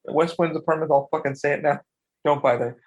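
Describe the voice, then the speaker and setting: A man with a gravelly, husky voice, talking in a loose, rambling way and swearing as he goes. His voice sits a little above the usual pitch for a man. It is relaxed podcast chat. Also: brisk. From Florida. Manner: rambling storyteller, swears freely. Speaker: podcast co-host. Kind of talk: casual chat.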